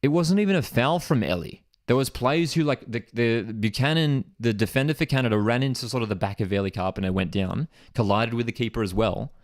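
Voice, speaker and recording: Excitable man reacting live to football. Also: mid-range voice, fairly quick, few pauses, no room sound, clean studio sound. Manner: excitable, disbelieving, rises sharply when outraged or celebrating; reads out viewer comments. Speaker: host of a live football watchalong. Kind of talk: live match reaction and chat commentary.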